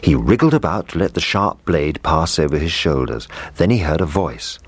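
A man reading a children's fairy tale aloud in a gentle, measured way. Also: rumbling low, expressive, breathy edge, no room sound. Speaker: storyteller. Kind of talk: scripted narration.

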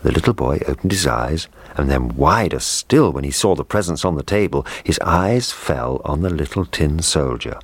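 A man reading a children's story aloud in a gentle, measured storytelling manner. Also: extremely low pitch, animated, breathy edge, no echo.

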